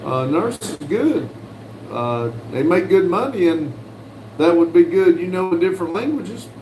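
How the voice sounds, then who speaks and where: A man from the United States hosting a casual livestream, reading viewers' messages aloud in a folksy, unhurried way with lots of "uh"s. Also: high-pitched, animated, a little mellow, a little hiss or hum. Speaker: livestream host reading chat. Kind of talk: casual live chat. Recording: roomy with faint background ambience.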